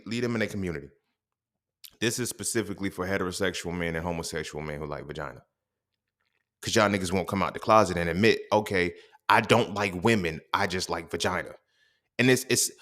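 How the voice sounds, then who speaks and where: A man's voice: lowish voice, a bit bright. A man delivering a casual, profane monologue, blunt and streetwise, firing off rhetorical questions. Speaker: podcast host.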